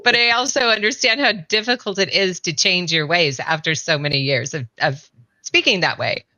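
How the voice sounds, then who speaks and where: Bright, dry-sounding middle-aged woman host. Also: on the low side, normal speed, dry recording. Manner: chatty, rambling questions with fillers and laughter. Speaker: interview host. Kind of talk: conversational interview.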